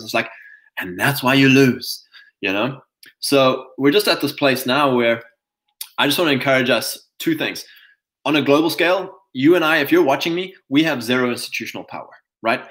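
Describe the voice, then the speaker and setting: Man, streaming commentator, emphatic, punches points with "right?", mid-pitched voice. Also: brisk, a bit bright. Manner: emphatic, repeats "right?" often; mocks others in put-on quoted voices. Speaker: online commentator. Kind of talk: live-streamed monologue.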